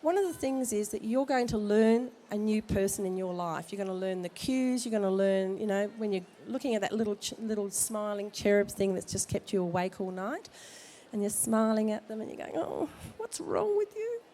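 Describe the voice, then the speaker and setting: A woman's voice: mid-range voice, fairly quick, mellow, a little hiss or hum. A woman who has a cold, a midwife giving jokey, direct advice to expectant parents at an expo. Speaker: midwife speaker at a baby expo. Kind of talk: informal talk to expectant parents. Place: expo hall.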